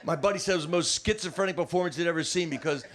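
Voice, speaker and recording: An older man from New Jersey telling a stand-up story, animated, laughing as he goes and shouting out the lines he quotes. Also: a little high, very fast. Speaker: stand-up comedian.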